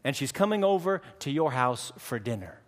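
A man's voice: medium pitch, very animated. Man preaching in a reverberant hall. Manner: dramatic, varies loudness and slows for emphasis; acts out quick dialogue with the congregation. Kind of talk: sermon. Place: church hall.

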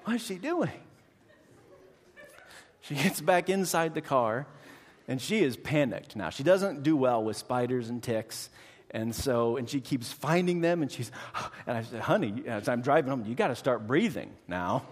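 A man's voice: medium pitch, moderate pace. A man preaching a sermon, telling a funny family story with acted-out voices before moving into scripture. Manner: animated storytelling, acts out voices, preachy cadence. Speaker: pastor. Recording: long hall reverb.

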